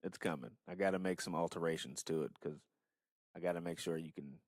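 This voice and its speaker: A man co-hosting a podcast in casual, joking banter, laid-back and swinging between loud and mumbled. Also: low voice, steady tone, fairly quick, dry recording, studio quality. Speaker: podcast co-host.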